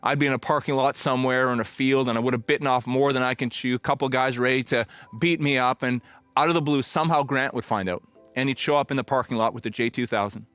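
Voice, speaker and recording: A middle-aged pastor telling a personal story in a conversational, reflective sermon, now and then acting out old conversations. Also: male voice, medium pitch, fairly even intonation, quick pace, fairly bright tone, clear, resonant tone, no room sound, soft background music.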